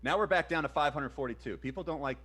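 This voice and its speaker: A man in his thirties co-hosting a casual chat show, relaxed and hesitant, with many pauses and fillers. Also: on the high side, slightly rough. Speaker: podcast co-host.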